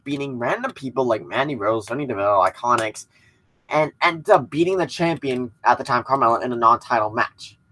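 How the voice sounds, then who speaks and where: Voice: medium pitch, pushed and bright. A wrestling show commentator giving a casual recap and opinion, passionate and blunt, with some swearing.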